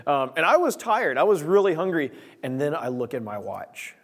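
A young man preaching, opening his sermon with a lively personal story and acting out his own lines. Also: on the high side, normal speed. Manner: storytelling, animated quoting of himself.

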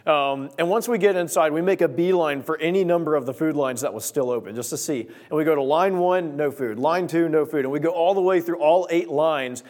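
Young man preaching a sermon story. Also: on the high side. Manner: storytelling, animated quoting of himself.

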